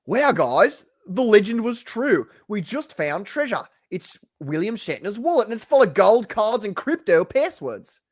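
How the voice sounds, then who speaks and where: Male performer doing an excitable TV conspiracy theorist, breathless and animated. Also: high voice, measured pace, few pauses, voice pushed up, heavily acted. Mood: excited. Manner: eager, breathless pronouncements.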